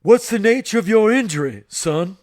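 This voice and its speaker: A man voicing a stern older male military-school disciplinarian, speaking in a booming, clipped, commanding way. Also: expressive, moderate pace, darkish tone. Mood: probing.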